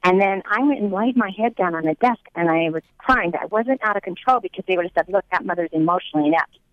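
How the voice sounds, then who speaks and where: A woman's voice: mid-range voice, fast, no echo, dull audio. A woman giving a personal testimony, telling her story earnestly and acting out the dialogue as she recounts it.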